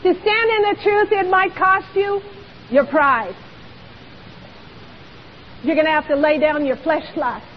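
A woman's voice: high voice, unhurried, long pauses. A woman preacher delivering a sermon in church, emphatic and full of rhetorical questions. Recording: dull lo-fi recording with long hall reverb and faint hiss.

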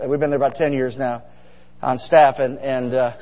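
A middle-aged male pastor preaches at normal speed in a mid-range voice, his delivery flat. The sermon itself is humorous and full of stories, told in a chatty style with frequent questions to the congregation. Expect dull sound and a long hall reverb.

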